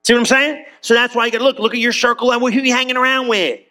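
A high, bright-voiced man preaching. He talks fast and loose like a conversation, calling out to his congregation for amens. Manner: lively and conversational, calls for amens. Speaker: pastor. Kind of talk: sermon.

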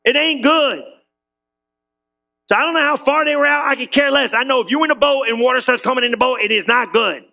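A man preaching to his church in a lively, conversational way, mixing slang with questions to the crowd. His voice sits high and bright, with a gravelly edge. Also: a little fast. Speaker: pastor. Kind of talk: sermon.

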